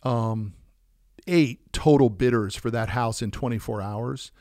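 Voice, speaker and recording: A man's voice: mid-range voice, unhurried, a little mellow, no room sound, studio quality. Conversational man telling a business story. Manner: conversational, frequent restarts and fillers. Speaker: business owner talking about sales. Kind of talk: casual storytelling monologue.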